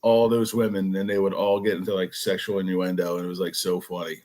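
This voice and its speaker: A man's voice: deep voice, little pitch movement, fast, darkish tone. A man chatting casually on a podcast, a little hesitant. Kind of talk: casual chat.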